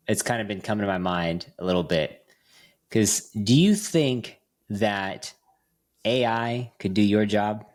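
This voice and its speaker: Low-voiced podcast host guy, chatty, lots of likes and restarts. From Las Vegas. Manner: chatty storyteller, many fillers and restarts. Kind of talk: casual chat.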